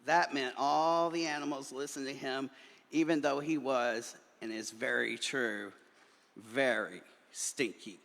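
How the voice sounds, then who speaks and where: A male minister reading a children's story aloud in a church, doing animated voices for the characters. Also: mid-range voice, measured pace, creaky. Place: church sanctuary. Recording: long reverb of a large hall.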